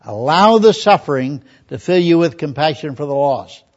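A man's voice: fairly high pitch, lively intonation, moderate pace, a little mellow. An older man, a pastor, preaching a conversational sermon, telling folksy stories and reading scripture aloud. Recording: dull lo-fi recording.

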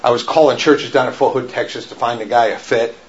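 A middle-aged man telling stories to an audience, laughing often and shouting when he acts out quotes. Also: medium pitch, steady tone, quick pace, a little hiss or hum. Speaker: speaker giving a faith talk. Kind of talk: storytelling talk to an audience. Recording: roomy, dull lo-fi sound.

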